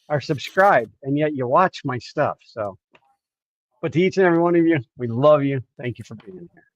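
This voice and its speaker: A middle-aged American man with a slightly high voice co-hosts a livestream, recorded on a dull, dry home mic. He chats casually and rambles, joking at his own expense.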